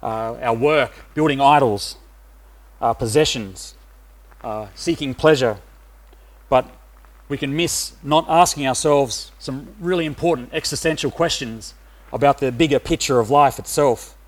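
A middle-aged man from Australia giving a sermon, pausing often with "uh" fillers. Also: medium pitch. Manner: hesitant, many "uh" fillers. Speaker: preacher.

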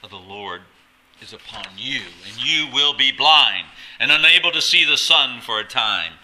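A man acting out a stern apostle who forcefully rebukes a sorcerer, with booming, forceful delivery. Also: slow, full character voice, poor audio. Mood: fierce rebuke.

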